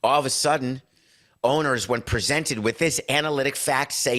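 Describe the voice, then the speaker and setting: A man's voice: medium pitch, normal speed, a bit bright. A middle-aged man hosting a sports podcast, giving emphatic, sarcastic opinionated commentary in punchy lists. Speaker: podcast host.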